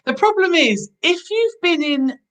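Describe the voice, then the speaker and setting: A woman guest on a chat show, chatty, playful and animated. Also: extremely high pitch, measured pace, poor audio. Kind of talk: casual chat.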